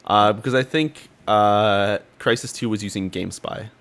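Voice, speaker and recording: A man's voice: fairly low pitch, normal speed, fairly bright tone, clear, resonant tone. A young man co-hosting a gaming podcast, talking in a laid-back, casual way with lots of ums. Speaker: podcast co-host.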